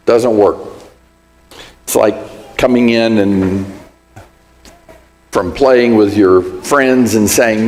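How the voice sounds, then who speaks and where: A man's voice: fairly low pitch, expressive, slow pace, long pauses, a little mellow, in a large hall. A man teaching a Sunday Bible class in a conversational way, working through everyday examples. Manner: conversational, gives everyday examples and acts out sample apologies. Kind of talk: church class lesson. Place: church hall.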